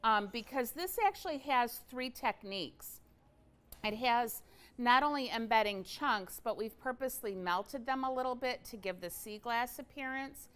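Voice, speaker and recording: A woman hosts a casual livestream product demo from a craft studio. Her voice is smooth and clear and sits fairly high. She talks in a chatty, enthusiastic way, with plenty of "um"s along the way. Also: expressive, moderate pace, a bit bright. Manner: chatty and enthusiastic, with frequent fillers.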